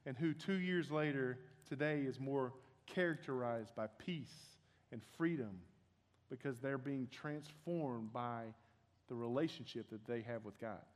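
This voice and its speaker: A man's voice: medium pitch, measured pace. A young man preaching a sermon as pastor, earnest and conversational, often restarting his sentences. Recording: long hall reverb.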